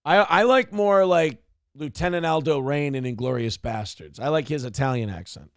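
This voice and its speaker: A man's voice: fairly high pitch, moderate pace, creaky, no echo, clean studio sound. A man from Minnesota hosting a casual commentary show, ranting sarcastically and swearing freely. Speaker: host.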